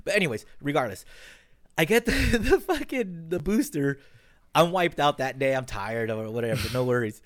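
A man co-hosting a podcast, telling animated stories full of swearing and quick restarts. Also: fairly high pitch. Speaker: podcast co-host. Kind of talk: casual chat.

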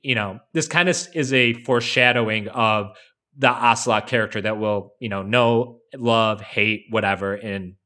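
A man's voice: fairly low pitch, normal speed. A man co-hosting a podcast, talking casually and analytically with plenty of fillers. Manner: relaxed, explanatory, many fillers. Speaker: podcast co-host.

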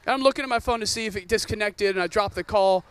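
A man in his thirties preaches a sermon with a very high, smooth and resonant voice, telling a story full of self-mocking jokes. The sound is dry and close, with no room around him. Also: fast, fairly bright tone, dry recording. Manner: joking storytelling. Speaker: pastor.

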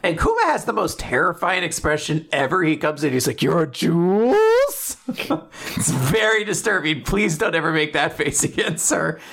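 A man co-hosting a casual chat podcast, recapping a story with lively acted-out quotes and frequent laughter. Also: fairly high pitch, a little fast, gravelly, few pauses, breathy edge. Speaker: podcast co-host recapping manga.

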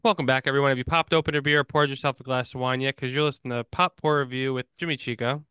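A man co-hosting a movie podcast, chatting casually and reading out film stats with quick restarts. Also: mid-range voice, fairly even intonation, pushed and bright, smooth, faint music behind. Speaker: podcast co-host. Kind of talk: casual chat.

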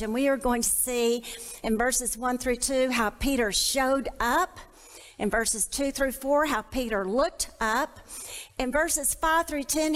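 Woman Bible study teacher, high voice, emphatic, long echo of a church hall. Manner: emphatic, call-and-response teaching.

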